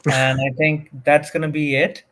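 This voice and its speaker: A man's voice: on the high side, flat delivery, moderate pace, fairly bright tone. A man talking casually as a guest in a group chat, hesitant and joking, with many fillers. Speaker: guest panelist.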